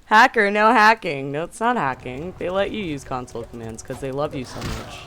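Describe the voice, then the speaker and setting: A game streamer giving casual live commentary, swearing often, yelling at enemies and chatting with viewers. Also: medium pitch, animated, moderate pace, few pauses.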